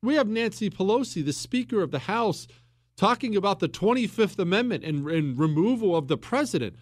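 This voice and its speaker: A man's voice: high-pitched, lively intonation, fairly quick, no room sound, studio quality. A man hosting a political talk show, lecturing emphatically and repeating himself for stress. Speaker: podcast host.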